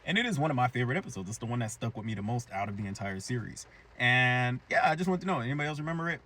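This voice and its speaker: A young man casually recapping a cartoon episode in a chatty, slangy, animated way. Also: mid-range voice, racing. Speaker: cartoon reviewer.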